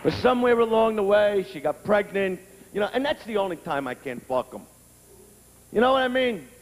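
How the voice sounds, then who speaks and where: A male stand-up comic with a very high voice, firing off crude stories in a brash, profane style and often bursting into shouts. His voice rings out with a long reverb over a faint background noise. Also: expressive, fairly quick. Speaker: stand-up comedian. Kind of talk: stand-up comedy set.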